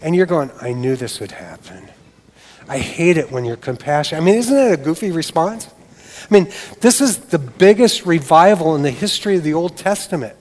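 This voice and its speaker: A male pastor delivers a sermon in a lively, conversational way and keeps tossing in rhetorical asides. His voice sits slightly high for a man. A long hall reverb trails each phrase. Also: a little fast.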